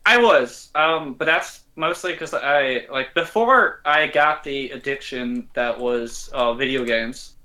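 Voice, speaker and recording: A man, talking as a guest on a casual podcast. His voice is bright and forward, and his thoughts wander and restart as he goes. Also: medium pitch, slow pace, few pauses, poor audio. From Norway. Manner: rambling, self-interrupting.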